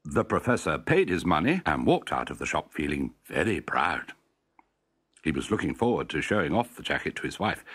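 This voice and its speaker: Male narrator, children's storybook, very low, husky, wide melodic swings. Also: sing-song, normal speed, a bit bright.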